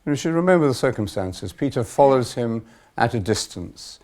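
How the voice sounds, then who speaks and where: A man leading a spiritual retreat as a monk, speaking in a measured, thoughtful way with pauses and fillers. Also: mid-range voice, expressive, darkish tone. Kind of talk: reflective spiritual retreat talk.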